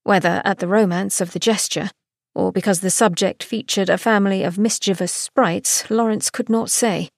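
A woman giving a scripted, expressive narration of a romance novel excerpt. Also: mid-range voice, moderate pace, gravelly, dry recording, studio quality. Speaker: podcast host reading a novel excerpt.

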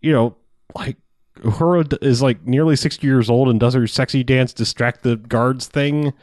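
A man's voice: medium pitch, moderate pace, a little mellow, no echo, studio quality. Laid-back man rambling with a laugh. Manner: rambling, laughing, swearing, acting out movie lines. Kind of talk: casual chat.

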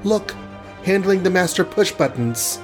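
A man reading aloud who voices a quick, alarmed young heroine with a raised, breathless pitch. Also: steady tone, faint music behind, lightly acted. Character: young adult woman hero, quick and alarmed.

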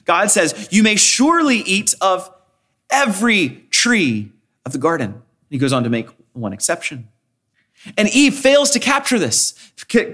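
A man's voice: high voice, a bit bright. A male pastor preaching an expository sermon, quoting scripture and repeating phrases for emphasis. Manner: quotes scripture often, frequent restarts.

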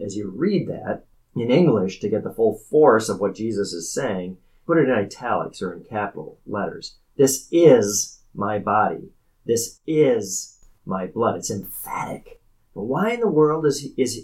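A man's voice: lowish voice, big pitch swings, normal speed, a little mellow, low-quality recording. A man, a pastor co-hosting a podcast, explaining scripture in casual discussion, emphatic and often repeating words as he goes.

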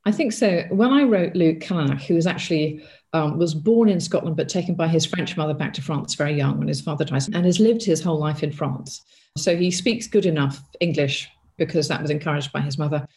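A woman's voice: sits low, fairly quick, dark tone. A middle-aged woman, a crime author, answering interview questions in a thoughtful way with many restarts and asides.

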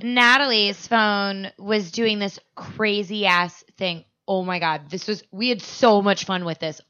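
A woman's voice: mid-range voice, steady tone, measured pace, bright, forceful tone, clear, resonant tone, dull audio. A young adult woman from Arizona co-hosting a comedic podcast, telling crude stories with lots of laughter and acted-out quotes. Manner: crude, storytelling, laughs often, acts out quotes. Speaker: podcast co-host. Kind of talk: casual comedic chat.

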